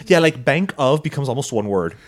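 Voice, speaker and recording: Fast-talking man, quick banter. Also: mid-range voice, animated. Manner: quick interjections, agreeing and joking. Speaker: podcast co-host. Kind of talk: casual chat.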